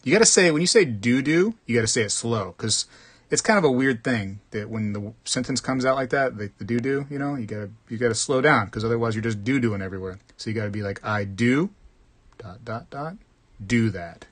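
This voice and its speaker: A man's voice: mid-range voice, fast. A man hosting a live morning stream about coins, chatting casually, joking around and reading out viewer comments. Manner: rambling, joking, reads out chat comments. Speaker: host of a live coin collecting stream.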